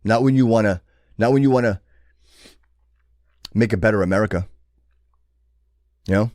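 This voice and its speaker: Here the man's voice sits fairly low and darkish, at a moderate pace, captured at studio quality with no room sound. As host of his own show, he gives a preachy, impassioned pep talk full of restarts that climbs into fervent urging.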